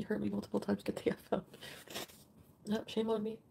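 A woman's voice: mid-range voice, monotone, brisk, vocal fry, pauses often, dark tone, husky. A woman live streaming, reading out viewer comments in an emotional way and swearing often.

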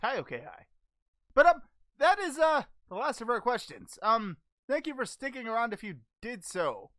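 A woman plays Goku, a cheerful, naive hero who fields fan questions in a goofy, scatterbrained way and keeps stumbling over ums. The voice sits fairly high and swoops all over the place. It is recorded dry and close, with no room sound at all. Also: very animated, normal speed, fairly bright tone, no room sound. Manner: goofy, easily distracted, hesitant with many ums. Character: cheerful naive male alien martial-arts hero. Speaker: channel host answering fan questions. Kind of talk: in-character fan Q&A.

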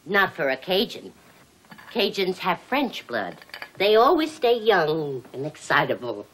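A woman's voice: fairly low pitch, huge pitch swings, a little slow, fairly bright tone, exaggerated voice, rough recording. An actress playing a doting, chatty housewife mother in her forties, with a gushing, sing-song manner. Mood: fussing. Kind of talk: film drama acting.

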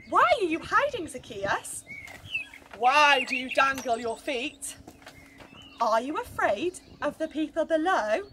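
A woman reading a rhyming Bible story aloud to children, slow, gentle and expressive, with loud background noise and birdsong. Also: high-pitched.

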